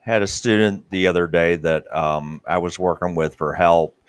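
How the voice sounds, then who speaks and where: A man's voice: low voice, steady tone, moderate pace, smooth. A man hosting an interview about careers, talking earnestly with many fillers and restarts. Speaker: podcast host. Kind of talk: interview conversation.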